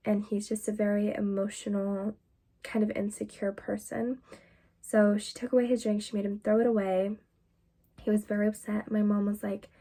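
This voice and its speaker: A woman's voice: medium pitch, vocal fry, mellow. A young woman vlogger telling a personal story in a candid, confessional way, full of casual fillers.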